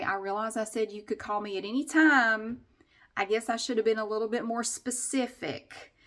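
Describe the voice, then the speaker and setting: Exasperated woman telling a comedic rant. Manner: exasperated and animated, swings between loud outbursts and low asides. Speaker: vlogger.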